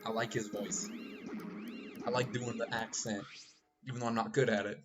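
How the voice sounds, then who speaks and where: A man's voice: mid-range voice, little pitch movement, normal speed. A man streaming a video game, chatting casually, joking and reading lines aloud. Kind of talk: casual let's-play commentary. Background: game music.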